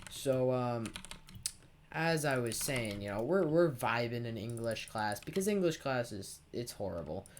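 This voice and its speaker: A teenage gaming channel host tells a rambling, sarcastic story full of swearing over his gameplay. His mid-range male voice is animated yet a little slow, with a little hiss or hum present.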